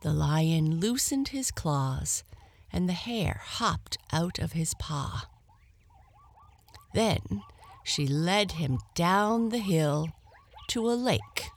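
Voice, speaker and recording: A woman narrating a children's bedtime story in a gentle manner, sometimes dropping to a whisper. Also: on the low side, animated, creaky. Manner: gentle, very slow, at times whispered.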